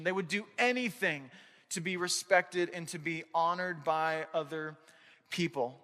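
A man preaching a sermon as pastor, talking in an animated, conversational way with frequent restarts. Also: on the high side, normal speed, big-room sound.

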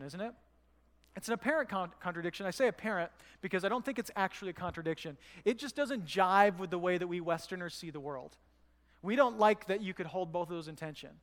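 Male pastor, high voice, chatty sermon delivery, long church reverb. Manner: conversational, storytelling with acted quotes.

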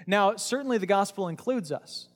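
A man's voice: high voice, lively intonation, normal speed, faint music behind. A male pastor giving a casual, conversational sermon, asking rhetorical questions and acting out the people in the story. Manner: conversational, acts out quoted voices, rhetorical questions. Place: church sanctuary. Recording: long church hall reverb.

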